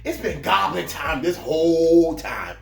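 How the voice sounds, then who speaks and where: A man putting on a gleeful, taunting male goblin villain, loud and gloating. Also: on the high side, animated, a little slow, vocal fry, reverberant, soft background music, pitched above the performer's own voice.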